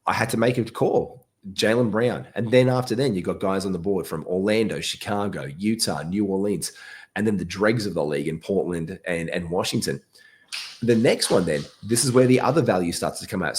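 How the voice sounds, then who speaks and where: A low-pitched man hosts a casual sports chat. His voice rises and falls a lot, and he jumps into quick asides and restarts himself. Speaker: podcast host.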